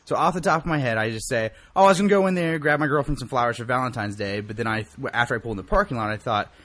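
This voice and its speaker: A young man co-hosting a casual podcast, telling a story in a profane, animated way and acting out quotes with sharp rises in his voice. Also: medium pitch, very fast.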